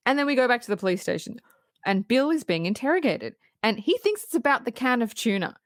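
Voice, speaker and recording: A woman co-hosting a podcast, retelling film scenes in an animated, casual way. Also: a little high, fast, no echo, studio quality. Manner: animated retelling with quoted lines. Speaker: podcast co-host. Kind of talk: casual movie review chat.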